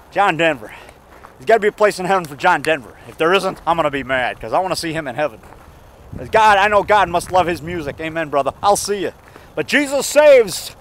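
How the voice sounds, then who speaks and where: A man talking in a rambling, folksy, excitable way, mixing songs with preaching, outdoors by a road. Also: very high-pitched, slight background noise. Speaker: vlogger.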